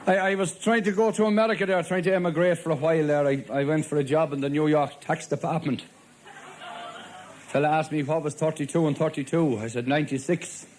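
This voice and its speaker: Playing a policeman in his live stand-up set, an Irish man with a fairly high pitch tells deadpan stories made of rapid one-liners. Faint crowd laughter and noise are audible.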